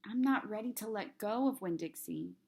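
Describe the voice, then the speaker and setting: A woman reading aloud, voicing a stubborn ten-year-old girl who pleads and insists in a raised, higher voice. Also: sing-song, moderate pace, a little mellow, husky. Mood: quiet.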